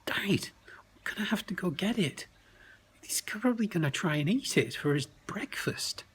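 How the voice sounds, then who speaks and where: A man voicing a shrill, excitable female creature in a bedtime story, breathless and squealing. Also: moderate pace, in a whisper. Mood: urgent.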